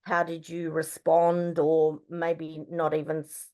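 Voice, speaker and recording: A woman's voice: low-pitched, completely flat delivery, slow pace, a little mellow, highs cut off. A woman with an Australian accent, a webinar participant who works in victim support, raising a concern in an earnest, careful way. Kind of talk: questioning a presenter.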